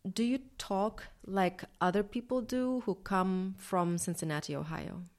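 A woman interviewer asking calm, measured questions about someone's voice. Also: mid-range voice.

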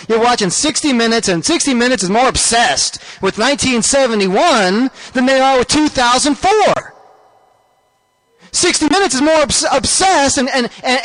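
A man's voice: very high voice, a bit bright, low-quality recording. A man hosting a talk show, ranting about politics with repetitive, mock-defensive outbursts. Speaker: radio show host. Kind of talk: political rant.

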